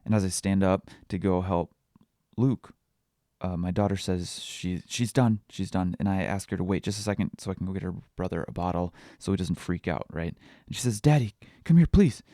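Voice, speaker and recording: A man in his thirties talks on his own in a confessional podcast monologue. His voice sits fairly low, and the recording is close and dry. He speaks candidly and reflectively, halting often with fillers and restarts. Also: fairly even intonation, no room sound. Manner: quietly emotional, reflective. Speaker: parenting podcast host.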